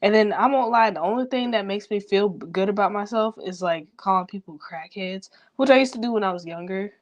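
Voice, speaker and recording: Young woman rambling fast and swearing. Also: medium pitch, dull audio. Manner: fast, rambling, heavy swearing, self-talk. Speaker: vlogger. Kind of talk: rambling personal venting.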